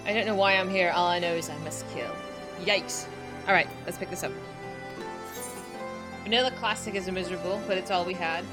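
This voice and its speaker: A woman's voice: on the low side, fairly quick, long pauses, music in the background. A woman streaming a game, chatting casually and giggling with her viewers. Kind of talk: casual live-stream chat.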